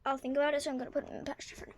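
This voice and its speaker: A woman's voice: high-pitched, flat delivery, racing, poor audio. A woman vlogging at home in her bedroom, chatting casually to viewers and thinking aloud as she sorts toy horses. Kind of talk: casual running commentary while organizing.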